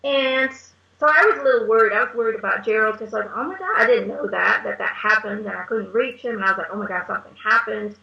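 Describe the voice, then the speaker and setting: Quick and animated with hardly any pauses, a woman with a fairly high, gravelly voice chats as a guest medium, telling stories and laughing often. The audio is an echoey, dull lo-fi recording.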